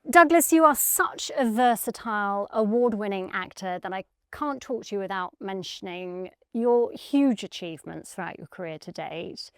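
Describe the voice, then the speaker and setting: A woman's voice: medium pitch, animated, normal speed, few pauses, smooth, dry recording, studio quality. A woman hosting an interview, asking questions in a complimentary manner. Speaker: interview host.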